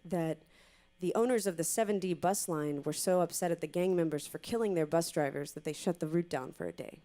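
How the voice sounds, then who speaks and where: A woman's voice: on the low side, fairly quick, warm tone. A woman singer speaking casually on stage to an audience, with many fillers, before performing a song. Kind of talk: spoken introduction to a live song.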